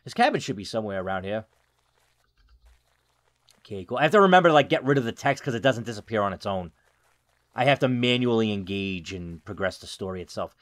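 A man's voice: on the low side, fast, long pauses. A man giving jokey, rambling let's play commentary with self-mocking asides. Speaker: gaming YouTuber.

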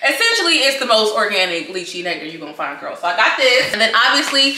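A young woman in her twenties vlogging casually to camera, chatty and animated, talking straight to her viewers. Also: medium pitch, fast talker, echoey room, very noisy. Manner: chatty and animated, addresses viewers as girl and y'all. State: out of breath. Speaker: lifestyle vlogger. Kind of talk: casual vlog chat to camera.

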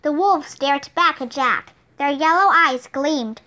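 Bright high-voiced woman reading a storybook. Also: slow. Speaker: audiobook reader. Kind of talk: children's storybook narration.

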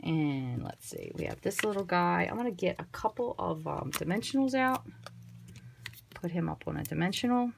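A woman's voice: fairly low pitch, normal speed, gravelly, noisy background. A woman giving a casual, chatty card-making tutorial, thinking aloud as she works. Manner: chatty, relaxed, thinks aloud while working.

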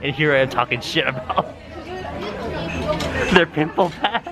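A young man chatting casually to his camera as a vlogger, animated and swearing freely, with big jumps in pitch. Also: slow, creaky, a loud crowd, heavy background noise. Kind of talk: casual vlog chat. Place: out and about, streets and cafés.

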